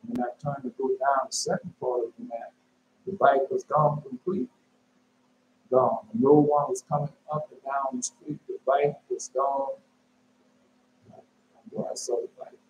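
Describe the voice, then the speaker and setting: A man preaching informally and telling a dream, emphatic, repeating his phrases and jumping into sudden high shouts. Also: steady tone, moderate pace, long pauses. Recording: echoey room with faint noise.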